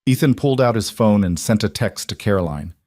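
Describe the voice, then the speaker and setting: A man with a lowish voice reads a heartfelt story in an even, measured way. The sound is close and dry, with no room echo. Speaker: narrator. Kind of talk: scripted story narration.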